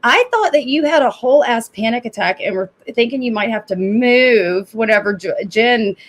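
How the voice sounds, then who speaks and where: A woman's voice: on the high side, normal speed. A woman in her thirties hosts reaction commentary on a clip she is playing. She talks in a confrontational, sarcastic way, swears freely and laughs between her jabs. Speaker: drama commentary host. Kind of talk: reaction commentary on a played stream.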